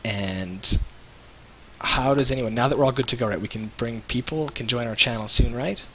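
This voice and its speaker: A man's voice: mid-range voice, normal speed, a bit bright, low-quality recording. Canadian man, live stream co-host, loose and joking, light hiss on the mic. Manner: loose, jokey, laughs often. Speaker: show host. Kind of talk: casual live stream chat.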